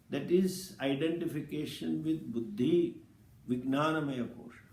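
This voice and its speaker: A man giving a scripture lecture as a spiritual teacher, speaking slowly and deliberately and explaining Sanskrit terms. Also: a little high, roomy sound.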